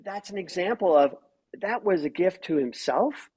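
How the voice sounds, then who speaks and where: A man's voice: high-pitched, moderate pace, husky. A middle-aged man, a therapist and author, talking in a podcast interview and acting out quoted lines in his stories. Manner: animated storyteller who acts out quoted voices.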